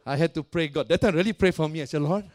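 A middle-aged man preaching a lively storytelling sermon, laughing often and swinging between loud and soft. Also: on the high side, very fast. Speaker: pastor.

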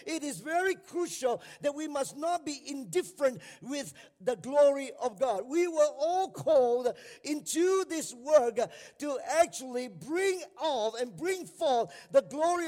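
High-voiced preacher in an echoing hall. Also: male voice, expressive, unhurried, few pauses. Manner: building to shouted fervent preaching. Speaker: pastor. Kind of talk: sermon. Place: church hall. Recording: echoey hall with long reverb.

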